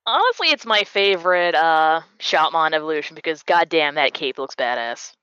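A woman's voice: low voice, expressive, normal speed, sharp tone, clean tone, no echo. A woman co-hosting a podcast in casual chat, blunt, wry and profane, heard through a dull lo-fi mic.

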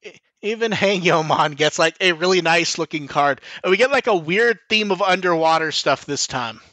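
A man's voice: on the high side, expressive, normal speed, sharp tone, no room sound. A man hosting a podcast in loose casual chat, full of "like", restarts and the odd swear. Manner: rambling, frequent 'like' and restarts, swears casually. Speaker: podcast host.

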